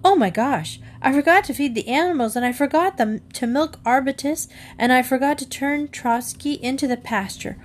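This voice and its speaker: A woman's voice: sits high, moderate pace, few pauses, slight background noise, pitched above the performer's own voice, natural voice. A woman reading aloud, voicing a flustered, remorseful young girl in a storybook.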